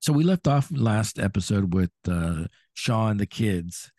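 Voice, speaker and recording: A man co-hosting a podcast in casual chat, chatty and quick to laugh. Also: dry recording, studio quality. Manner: chatty, laughs often, animated pitch swings. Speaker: podcast co-host.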